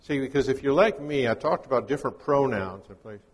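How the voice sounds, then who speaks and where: Guy preaching a folksy sermon, mid-pitch voice, long echo like a big church hall. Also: brisk, husky. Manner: conversational, folksy teaching with scripture readings. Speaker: guest preacher.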